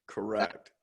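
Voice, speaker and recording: Slow, relaxed man with a slight drawl. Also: mid-range voice, slightly rough. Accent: slight Southern drawl. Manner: relaxed, pleasant, thinks aloud with many restarts. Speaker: podcast host. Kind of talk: casual conversational interview.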